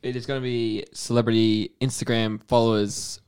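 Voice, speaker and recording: A man's voice: medium pitch, flat delivery, moderate pace, a little mellow, clean tone. A man, co-hosting a podcast and running a quiz game with upbeat, teasing patter. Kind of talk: playful banter.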